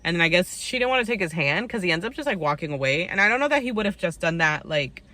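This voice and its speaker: A young woman talks through a reality dating show episode in a loose, chatty recap. She sprinkles "like" and "um" everywhere and gives her opinion freely. Her voice is bright and forceful. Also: on the low side, lively intonation, fast, no room sound. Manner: chatty, full of "like" and "um" fillers; opinionated storytelling. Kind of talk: casual recap chat.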